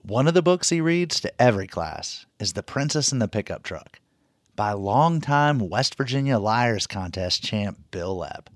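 A man hosting a radio show, reading scripted narration in a relaxed, informative way. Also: lowish voice, normal speed, no room sound, studio quality.

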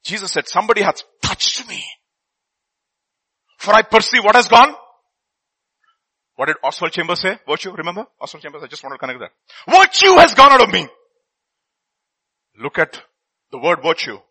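A man delivering a sermon with a high, lively and husky voice. He reads scripture and swings between loud bursts and quiet asides, with a bright edge throughout. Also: fairly quick, long pauses, poor audio. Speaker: preacher.

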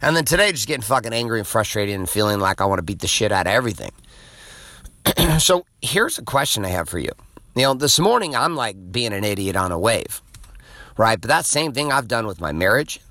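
A middle-aged man hosting a podcast, telling a story in a blunt, profane, animated casual monologue. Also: lowish voice, a little fast, no echo. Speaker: podcast host.

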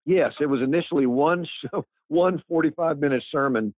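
A man's voice: fairly high pitch, moderate pace. A man, a pastor and author, answering interview questions in an earnest, emphatic way with frequent restarts. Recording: tinny phone-like line.

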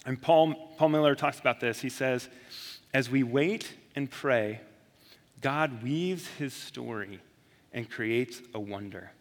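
A man in his thirties, a pastor giving a reflective, earnest sermon with slow, emphatic pauses. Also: mid-range voice. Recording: long reverb of a large hall.

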